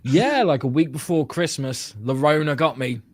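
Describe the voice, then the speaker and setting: A man telling stories over a video call during a livestream chat. His voice sits a little high and swings widely as he jokes. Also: normal speed, no room sound. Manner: animated joking storyteller. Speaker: comic book creator on a stream panel. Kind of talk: casual group chat on a livestream.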